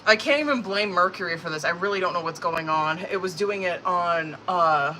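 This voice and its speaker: Woman tarot streamer, crisp bright tone, loose and profane, laughs a lot, talks into a phone. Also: fairly low pitch, normal speed, slight background noise, rough recording. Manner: chatty, profane, laughs often. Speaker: tarot reader hosting a live stream. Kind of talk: casual live-stream chat. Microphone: phone or tablet.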